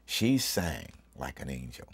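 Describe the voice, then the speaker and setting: A man's voice: a bass voice, sing-song, takes it slowly, husky, no echo. A middle-aged man, a pastor, giving a heartfelt personal testimony with emphatic, preacherly delivery that turns emotional and tearful.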